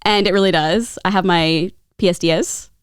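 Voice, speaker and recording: A woman's voice: fairly low pitch, steady tone, normal speed, smooth, no echo, studio quality. A woman co-hosting a podcast, chatting casually with lots of laughter and filler words. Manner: chatty, giggly, lots of likes. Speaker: podcast co-host. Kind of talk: casual chat.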